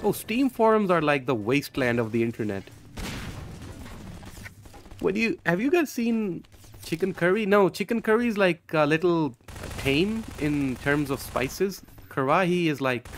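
A man's voice: on the high side, animated, a little slow, a little hiss or hum. A young man from Pakistan, chatting casually and rambling on a live stream while gaming, swearing and joking often. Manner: rambling, profane, jokey, laughs often.

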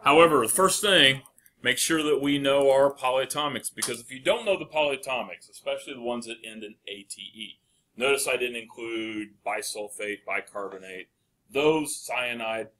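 A man lecturing a chemistry class with a bright, forceful voice. He poses questions to the room and answers them himself, praising right answers as he goes. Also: medium pitch, normal speed. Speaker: chemistry teacher.

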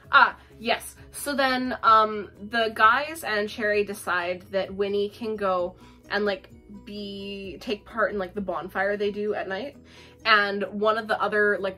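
A woman's voice: mid-range voice, pushed and bright. A young woman giving a casual, profane book review, full of fillers and laughter.

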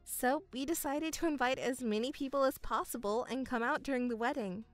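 A woman reading as a calm, patient young bride. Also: high-pitched, no room sound, faint music behind, close to an everyday voice. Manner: measured and restrained. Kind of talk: dramatized story reading.

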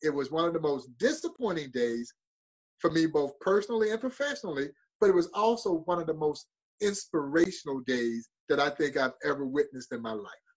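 A man's voice: on the high side, expressive, a little fast, breathy edge. A middle-aged man, a museum president, telling an emotional story in an interview with earnest intensity. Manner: earnest, building to emotional peaks.

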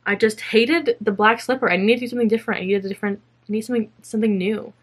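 A woman's voice: mid-range voice, fairly even intonation, racing, breathy edge. A young woman chatting casually to camera about her spinning and felting projects, rambling and self-mocking, now and then slipping into silly voices. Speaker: fiber craft podcaster.

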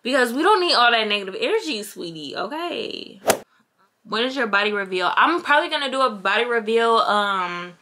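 A woman's voice: on the high side, animated, a little fast, sharp tone, slight background noise. A young woman in her twenties answering viewer questions in a casual, candid vlog, calling her viewers "girl" and "y'all". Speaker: beauty vlogger.

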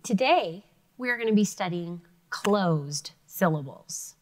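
A woman teaching a lesson to children, speaking slowly and clearly. Her pitch rises and falls a lot as she keeps the lesson lively and encouraging. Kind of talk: televised classroom lesson for children.

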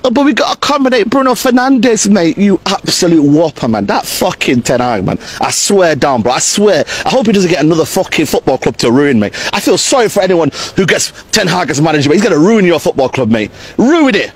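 A man's voice: a little high, very animated, fairly quick, hardly any pauses, breathy edge. A man ranting outdoors as a football fan. He talks in exasperated bursts and uses a lot of slang. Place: outdoors in the rain.

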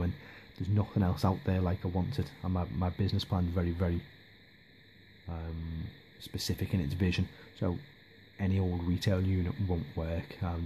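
Male vlogger, mellow and low, hesitant, casual rambling delivery. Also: slight background noise. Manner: hesitant, lots of ums and restarts. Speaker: miniature hobby vlogger.

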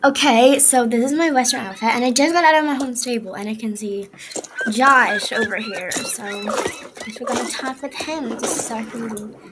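A woman giving excitable, casual commentary while she plays a horse game, often exclaiming. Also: fairly high pitch, normal speed, noisy background. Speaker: gaming vlogger. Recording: loud game music behind voice. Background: game music.

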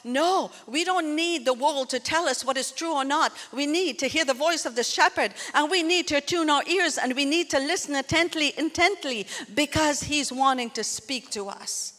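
A woman pastor delivers a sermon with a fairly high voice. She preaches earnestly and talks to the congregation as if chatting. Her words ring out with a long reverb in a church hall. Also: normal speed, few pauses, fairly bright tone.

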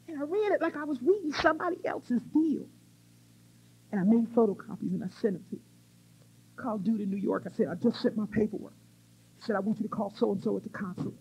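A middle-aged woman from the US Midwest giving an animated, laughing personal testimony at a recovery conference. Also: sits high, breathy edge. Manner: animated, laughing, exclamatory storyteller. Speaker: recovery meeting speaker. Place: conference hall stage. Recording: muffled cassette tape transfer.

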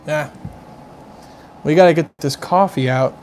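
This is a man hosting a laid-back live stream, effusive about each taste and scent and prone to wandering, chatty remarks to the people watching. He takes his time, speaking unhurriedly in a somewhat high, darkish voice, over a faint hiss or hum.

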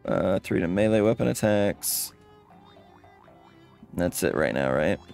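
A man's voice: sits low, expressive, slow pace, creaky, a little mellow, soft background music. A man casually commenting while playing a comedy game, reading the on-screen text aloud as he goes. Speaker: let's play host.

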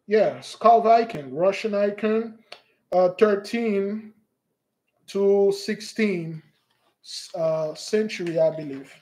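Male stream host, high voice, unhurried, repeats himself with insistence. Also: mellow. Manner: emphatic, repetitive, preachy. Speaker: online show host. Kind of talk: livestream commentary.

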